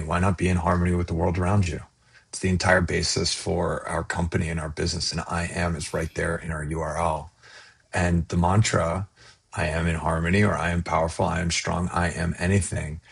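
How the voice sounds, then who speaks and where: A man's voice: low voice, vocal fry, breathy edge. A middle-aged man hosting a live conversation, talking emphatically and swearing casually. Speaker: host.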